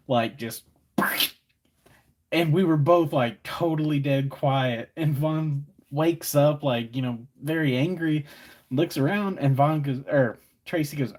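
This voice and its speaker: A man co-hosting a live stream, telling a story casually in a relaxed, rambling way and correcting himself as he goes. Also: on the high side. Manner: rambling, relaxed, self-correcting, acts out quoted voices.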